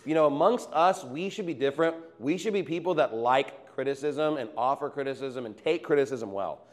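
A man's voice: mid-range voice, a little fast. A male pastor preaching a sermon in a conversational way, reading scripture and acting out everyday quotes.

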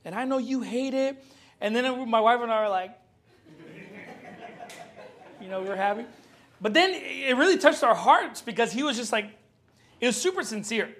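A man in his thirties preaching a sermon as pastor, fervent and emphatic, then dropping into a low, chatty storytelling tone. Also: animated, moderate pace, pauses often, fairly bright tone.

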